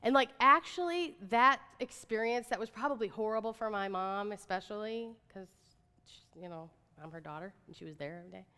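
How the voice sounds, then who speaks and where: Woman, 30s, motivational speaker: chatty and animated, bright tone, recorded live in a reverberant hall. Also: medium pitch, a little fast, clear, resonant tone. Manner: chatty, animated, says "like" and "right?" often. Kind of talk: inspirational talk to an audience.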